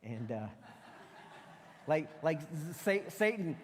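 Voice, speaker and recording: A man's voice: a little high, very slow. A man preaching a casual sermon, telling Bible stories and acting out the voices of the people in them. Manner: casual, animated storytelling with acted-out quotes. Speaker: pastor. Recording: church hall with long reverb.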